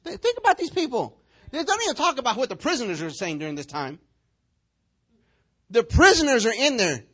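A male pastor, preaching a sermon in an animated, joking way and acting out the people in the story. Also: very high voice, fairly quick, husky. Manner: animated, joking, acts out quotes.

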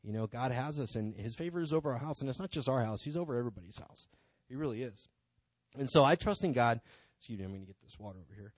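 In a church sanctuary, a man speaks from the pulpit with a mid-range, expressive voice at a fast pace, without echo. His informal testimony is conversational and rambling, with lots of asides.

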